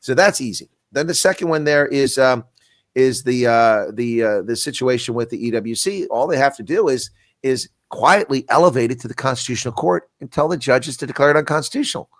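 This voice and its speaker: Over a video call, a man who is a retired colonel and intelligence analyst makes rapid, blunt and emphatic arguments in frank political talk. The medium-pitched voice comes through dry and studio-quality.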